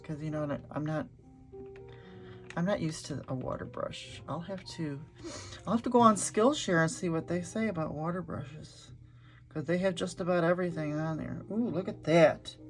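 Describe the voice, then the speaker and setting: A woman's voice: deep voice, moderate pace, faint music behind. A middle-aged woman chatting casually as she paints swatches, gushing and thinking aloud. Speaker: art vlogger.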